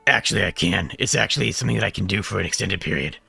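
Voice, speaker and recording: A man streaming, chatting casually about voice technique while holding a deliberately gruff, gravelly voice. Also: low voice, lively intonation, pushed and bright, dry recording, faint music behind. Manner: talks about voice technique, loose and rambling.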